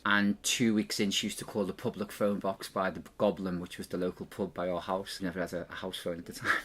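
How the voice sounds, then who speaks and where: A lower-voiced man with an unmistakable Liverpool accent, recounting his past as a podcast guest. He tells it as a lively anecdote and acts out the lines of people from his story, though his pitch moves only a little. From Liverpool, England. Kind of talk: storytelling interview answer. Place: cafe bar in Hove, England.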